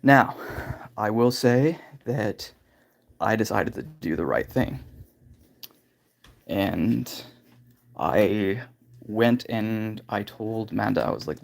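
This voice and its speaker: Gravelly man telling a rambling story. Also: fairly low pitch, expressive, slow pace, long pauses. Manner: candid, rambling, lots of filler phrases. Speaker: livestream host. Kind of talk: casual personal storytelling.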